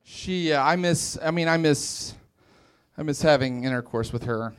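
A man's voice: on the high side, normal speed, clear, resonant tone. A man from West Virginia doing a rambling, self-deprecating stand-up set in a comedy club, slipping into playful put-on voices.

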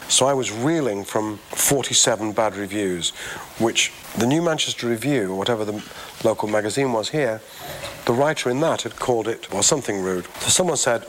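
A man's voice: on the low side, fairly bright tone. A middle-aged man, the founder of a record label, telling wry, self-mocking anecdotes in an archive interview. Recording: faint background noise.

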